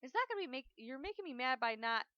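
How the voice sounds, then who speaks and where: A woman's voice: sits high, quick pace, no echo. A young adult woman in casual chat, telling a story bluntly with swearing and acted-out quotes. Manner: blunt, swears, animated retelling. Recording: dull lo-fi dry recording.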